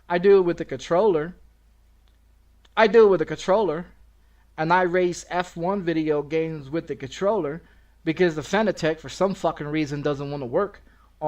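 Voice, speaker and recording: A man's voice: fairly high pitch, darkish tone. A middle-aged man streaming games, ranting angrily and repeating himself, full of profanity. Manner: profane, aggressive, repetitive ranting. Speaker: game streamer. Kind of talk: angry streaming rant.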